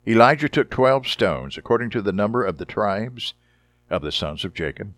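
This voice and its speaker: A man preaching a sermon, reading Bible passages dramatically and deliberately and adding short wry comments. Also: fairly low pitch, lively intonation, a bit bright, dry recording. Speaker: Bible teacher.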